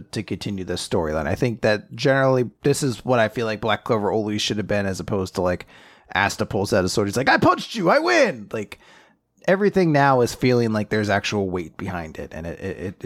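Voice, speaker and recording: A man's voice: fairly low pitch, a little fast, no echo, studio quality. A young man co-hosting a podcast, recapping a story in casual chat and acting out the characters' lines. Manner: animated, laughing, acts out quotes. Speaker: podcast co-host.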